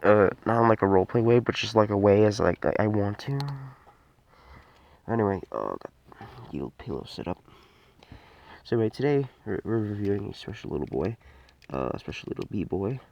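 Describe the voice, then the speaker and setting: A low-voiced man with a gravelly edge talks through a toy review in a loose, off-the-cuff way. He rambles, trails off and restarts often, filling gaps with plenty of "uh"s. His tone stays dark and mellow throughout. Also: lively intonation, normal speed, long pauses, muffled recording. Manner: rambling, hesitant, many fillers and restarts. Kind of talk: casual unscripted toy review.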